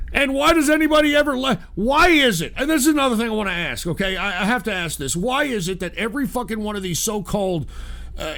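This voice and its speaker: A man's voice: high voice, creaky, bright, forceful tone. A man hosting a live-stream call-in show, ranting angrily with constant profanity. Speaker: host.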